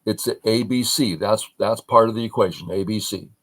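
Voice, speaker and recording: A man's voice: lowish voice, brisk, fairly bright tone, low-quality recording. An older man teaching a game review on a livestream, talking in short broken phrases and asking and answering his own questions.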